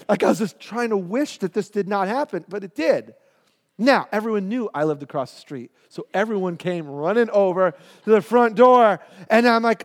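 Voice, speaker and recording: A middle-aged man, a pastor, telling a personal story in a sermon with lively, animated delivery and acted-out voices. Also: sits high, moderate pace. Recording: long hall reverb.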